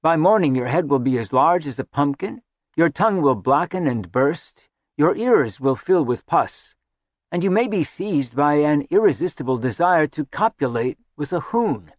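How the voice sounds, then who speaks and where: Lirian, a man doing a dark-spoken sorceress type. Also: fairly high pitch, expressive, no room sound, studio quality, pitched above the performer's own voice, close to an everyday voice. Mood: wry. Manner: brooding, mocking, drawn-out. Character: dark-spoken sardonic woman, lore-teller.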